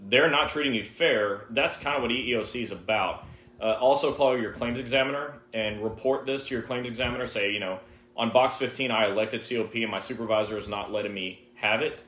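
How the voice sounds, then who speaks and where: A man's voice: mid-range voice, a little fast, a bit bright. A man co-hosting a live-stream Q&A, giving direct, emphatic advice to viewers. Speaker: co-host answering viewer questions. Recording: roomy, echoey live stream.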